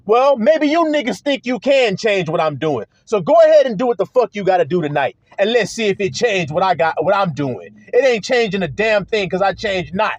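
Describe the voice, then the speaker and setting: High-voiced combative male preacher. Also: big pitch swings, brisk, few pauses, dry recording. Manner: combative, profane, hammering rhetorical questions. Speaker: self-styled preacher. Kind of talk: confrontational preaching monologue. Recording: dull lo-fi sound.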